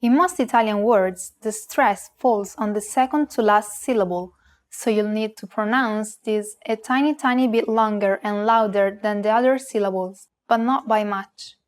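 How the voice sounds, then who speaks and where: A woman teaching Italian, modelling words with slow, careful, clearly articulated pronunciation. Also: mid-range voice. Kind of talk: pronunciation demonstration.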